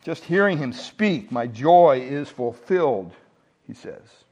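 A man's voice: medium pitch, lively intonation, slow, a little mellow. A man preaching a sermon with emphasis, asking the congregation rhetorical questions. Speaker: pastor.

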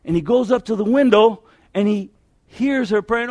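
A man preaching a sermon emphatically, repeating key lines and letting phrase ends fall quiet. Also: sits high, moderate pace, no room sound.

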